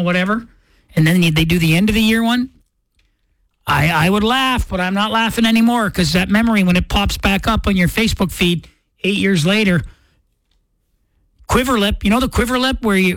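A man hosting a morning radio show, chatting casually in an animated, rambling, self-mocking way. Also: sits high, moderate pace, no echo, a faint crowd, poor audio. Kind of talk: casual on-air chat.

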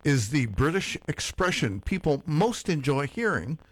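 A man's voice: on the high side, sing-song, measured pace, no room sound. Chatty middle-aged male radio host. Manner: rambling, chatty, many fillers and restarts. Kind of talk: casual on-air chat.

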